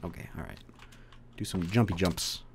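A young man commentating his survival game, swearing often, talking to the monsters and bursting into loud outbursts. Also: low-pitched, moderate pace, vocal fry, a little hiss or hum. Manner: swears a lot, animated outbursts, talks to game mobs. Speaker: gaming video creator. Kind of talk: let's play commentary.

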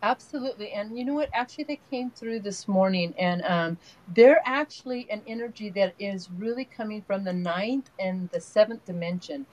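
An older woman who works as an energy healer speaks as a guest in a casual spiritual interview, soft and earnest as she rambles through long stories. Her voice is medium-pitched and moderately paced, and the recording quality is low.

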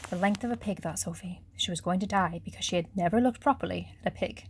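A woman reading an audiobook in a steady, measured storytelling manner. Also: lowish voice, background noise. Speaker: audiobook narrator. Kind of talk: scripted narration.

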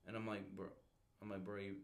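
A man's voice: on the low side, level tone, a little fast, creaky. A man hosting a podcast and telling a recruiting story in a casual, slangy way, calling people bro and dude. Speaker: podcast host, Marine recruiter.

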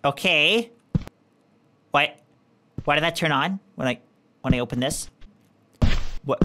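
Animated woman narrating her gameplay. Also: low voice, measured pace, pauses often, over music. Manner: excitable, talks to herself and the game, jumps between mock bravado and panic. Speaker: gaming commentator. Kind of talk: let's play commentary.

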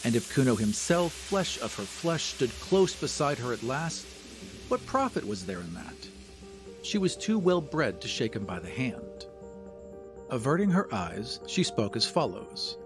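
A man narrating an audio drama in a measured, formal storytelling manner. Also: mid-range voice, big pitch swings. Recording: narration over music.

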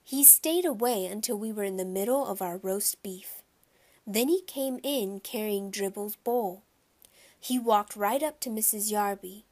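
Expressive woman reading a children's book. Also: medium pitch, measured pace. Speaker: audiobook narrator. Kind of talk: children's audiobook narration.

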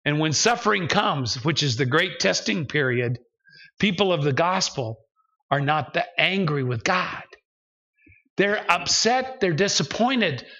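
Bright, high-voiced preaching man. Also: poor audio. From United States. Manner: emphatic, acts out the voices of believers he describes. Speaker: pastor. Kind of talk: sermon. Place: church sanctuary.

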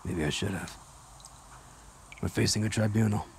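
A man as a weary, low-voiced commander. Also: normal speed, gravelly, a little hiss or hum. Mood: resigned. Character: weary, steady male commander, a prisoner.

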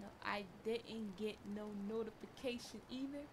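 Woman game streamer, high expressive voice, playful running commentary. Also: measured pace, a little hiss or hum. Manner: animated, talks back to the game and chat, laughs often. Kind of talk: casual live gameplay commentary.

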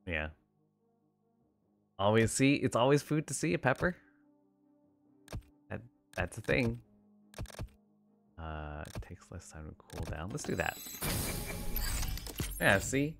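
A man's voice: fairly low pitch, sing-song, takes it slowly, vocal fry, pauses often, a bit bright, faint music behind. A man streaming a game, chatting playfully and rambling to his viewers and his pets. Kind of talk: casual gameplay stream chat.

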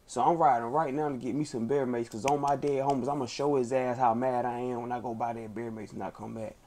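A man's voice: mid-range voice, fairly even intonation, quick pace, mellow, natural voice. A man acting out an angry young man who storms off for bear spray, groaning and sighing theatrically. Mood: mock fuming. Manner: fuming, theatrical sighs and groans.

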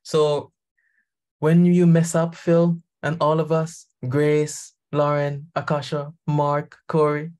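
A man's voice: on the high side, completely flat delivery, slow, darkish tone. A man coaching leaders, talking conversationally over a video call and laughing easily. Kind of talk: guest talk on a video call.

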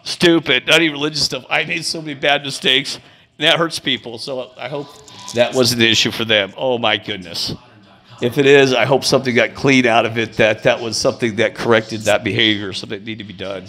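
A man's voice: medium pitch, steady tone, a little fast, bright, forceful tone. A middle-aged man telling rambling personal stories in a casual vlog, laughing often and running himself down. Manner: chatty, laughs often, self-deprecating. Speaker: vlogger.

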